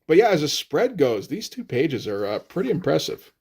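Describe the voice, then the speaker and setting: A man's voice: fairly high pitch, big pitch swings, moderate pace, creaky, a little mellow, husky. A man reviewing comic books in casual, profane commentary, with frequent "uh"s and "like"s. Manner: casual and profane, often says "uh" and "like".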